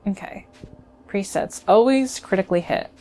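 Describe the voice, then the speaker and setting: A woman's voice: medium pitch, moderate pace, darkish tone, faint music behind. Rambling young woman gaming commentary. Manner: rambling, filler-heavy, chatty. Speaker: let's play host. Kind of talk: casual let's play commentary.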